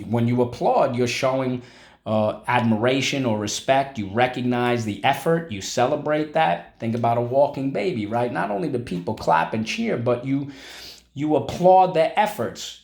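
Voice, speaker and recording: A man's voice: mid-range voice, moderate pace, vocal fry, a little mellow. Man teaching a vocabulary lesson. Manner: drills words aloud, repeating each one.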